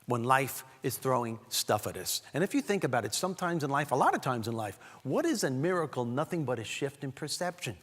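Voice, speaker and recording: A man giving a motivational keynote speech, animated and talking straight to the audience as he tells a story. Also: a little high. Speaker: keynote speaker. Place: large event hall. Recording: long hall reverb.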